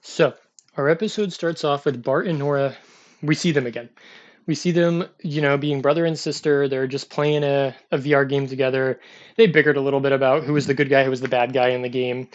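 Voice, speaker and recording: A man's voice: mid-range voice, steady tone, brisk, muffled recording. A man casually recapping a TV episode in a chatty, loose way, with lots of fillers and restarts. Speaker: TV episode reviewer.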